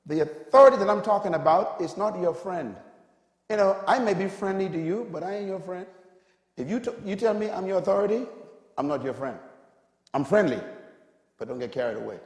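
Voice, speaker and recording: A man in his fifties preaching a sermon, forceful, with sudden loud emphatic bursts. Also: on the high side. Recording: echoey hall with long reverb.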